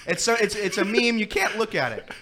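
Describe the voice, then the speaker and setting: A man's voice: sits high, brisk, background noise. A man guest-hosting a casual sports talk show, telling stories with lots of laughter and complaining of a throat thing. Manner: animated storyteller, laughing often. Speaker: guest host. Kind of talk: casual sports radio chat.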